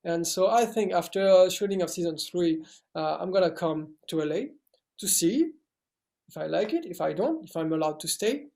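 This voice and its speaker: French-accented man, gravelly voice. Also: high-pitched, lively intonation, a little mellow. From France. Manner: halting, many restarts and fillers. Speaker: actor guest. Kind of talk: casual interview talk.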